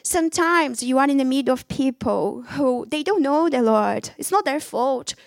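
A woman's voice: high voice, lively intonation, moderate pace, creaky, no echo, studio quality. A woman giving an emotional personal faith testimony, talking animatedly in conversational English with non-native phrasing.

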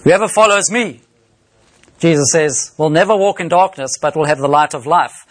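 High-voiced man preaching a sermon. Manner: measured Bible exposition, reading scripture aloud.

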